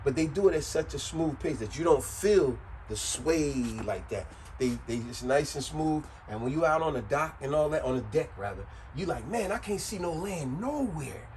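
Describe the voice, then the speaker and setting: A man's voice: medium pitch, moderate pace, hardly any pauses, slight background noise, low-quality recording. A man giving a casual, joking explanation to the camera, repeating his points often. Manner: repetitive, animated, joking. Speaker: vlogger.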